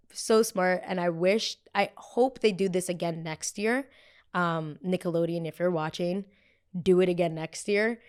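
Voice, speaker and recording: With a lowish, clear and resonant voice, this young podcast host gives a casual solo rundown of pop culture news. Her delivery is chatty and lively, sprinkled with fillers and abrupt bursts of excitement.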